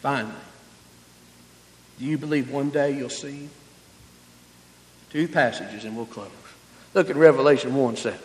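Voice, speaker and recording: A man preaching a sermon, rising to loud emphatic passages and falling to quiet, close tones. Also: mid-range voice, normal speed, long pauses. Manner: preaching with swelling emphasis, then dropping to soft intimate tones. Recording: long hall reverb.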